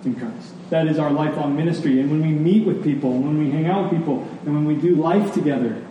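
A man's voice: on the high side, fast, dull audio, a little hiss or hum. A man preaching a sermon as a pastor, emphatic and rhythmic, leaning on key words. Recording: echoey hall, distant mic.

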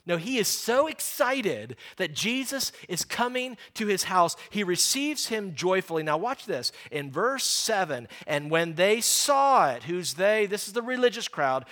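A man preaching a sermon, lively and animated, acting out the people in the story. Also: high-pitched, unhurried. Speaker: pastor.

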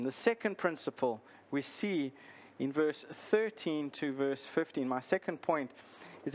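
Earnest male pastor preaching a sermon. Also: medium pitch. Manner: earnest preaching, repeats key lines for emphasis.

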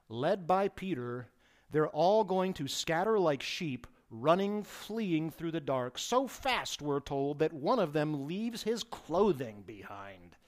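A man preaching a sermon with emphatic delivery, swelling his voice for stress and dropping it low for asides. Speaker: pastor.

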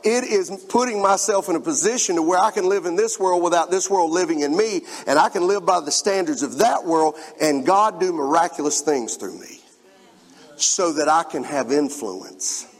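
In a church sanctuary, a man with a slightly high, lively voice preaches to his congregation at a moderate pace, reading scripture emphatically. His loudness rises and falls, and he calls out asides to the room, all carried by the long reverb of a large hall.

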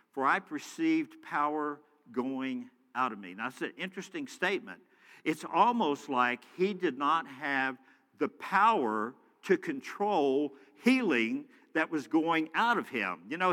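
A pastor giving a conversational sermon, reading scripture and acting out the people in it. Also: male voice, fairly high pitch, bright, forceful tone, long reverb tail. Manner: conversational, acts out quoted voices.

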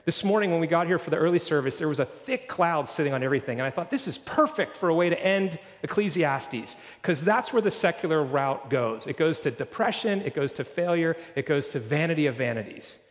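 A man's voice: on the high side, lively intonation. Man preaching in a reverberant church. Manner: earnest preaching, slows for quoted scripture. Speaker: pastor. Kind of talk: sermon.

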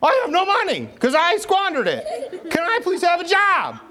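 A man voicing a young prodigal son in a silly, high squeaky voice. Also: huge pitch swings, moderate pace, bright, forceful tone, exaggerated voice. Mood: pleading. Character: young male prodigal son, whiny and pleading.

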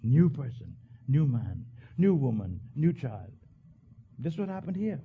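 A male pastor preaching a sermon, swinging from hushed low lines to loud high bursts. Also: sing-song, measured pace, husky, phone-quality sound.

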